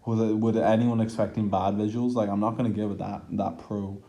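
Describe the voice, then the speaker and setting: A man's voice: lowish voice, level tone, brisk, dark tone, dull audio. A young man giving an exasperated, profane film review rant, full of filler words and groans of disgust. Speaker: movie reviewer.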